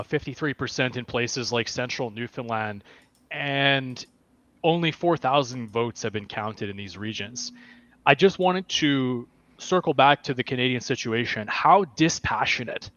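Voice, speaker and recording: A man with a mid-range voice walking through vote counts and turnout figures in a measured, analytical way. His mic sounds dull and lo-fi, with a completely dry, close sound. He is a guest on a casual stream. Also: medium pitch, fairly bright tone, no room sound. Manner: measured, number-focused.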